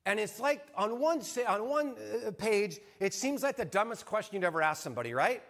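A middle-aged man delivers a sermon in a slightly high voice. He speaks earnestly as a pastor, often dropping into soft, hushed tones to press a point home. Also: huge pitch swings, fairly quick, hardly any pauses.

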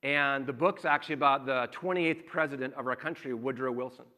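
A man's voice: medium pitch, fairly quick, sharp tone. A man, preaching a sermon as a pastor and telling a personal story in a conversational way, acting out quoted lines.

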